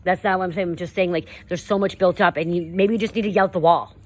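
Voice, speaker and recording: Woman with a lowish voice rambling through spiritual advice, lots of "you know" and "okay?". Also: fairly even intonation, quick pace. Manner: earnest, coaching tone addressing viewers. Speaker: spiritual content creator. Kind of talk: casual spiritual advice monologue.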